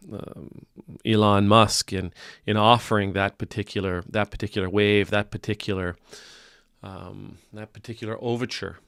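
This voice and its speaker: A man's voice: on the low side, gravelly, smooth, no echo, studio quality. A man, a priest, giving casual spoken commentary in a wry, teasing, conversational way.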